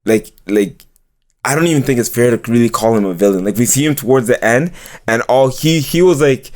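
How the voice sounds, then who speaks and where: A man's voice: medium pitch, brisk, darkish tone. A young man co-hosting a casual chat, giving frank, hedged opinions with many fillers. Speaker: co-host.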